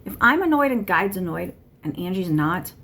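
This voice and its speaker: A woman's voice: fairly low pitch, big pitch swings, moderate pace, fairly bright tone. A woman giving a channeled monologue to camera, blunt and irritated, swearing constantly. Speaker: tarot channeler.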